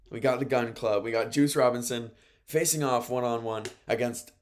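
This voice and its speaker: A man's voice: medium pitch, normal speed. A man hosting a casual show, recapping wrestling from his notes in a chatty, rambling way and laughing at his own mistakes. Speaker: radio host.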